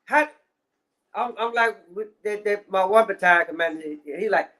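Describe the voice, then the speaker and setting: A man's voice: high voice, moderate pace, bright, forceful tone. A man ranting in casual commentary, heavy on swearing and repeated fillers. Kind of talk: profane rant.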